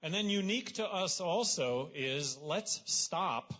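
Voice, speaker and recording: Man, rally speech, sharp bright voice, casual with fillers, muffled lo-fi recording. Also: on the high side, takes it slowly. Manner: relaxed and conversational, with fillers and self-deprecating asides. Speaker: candidate speaking at a rally. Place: political rally.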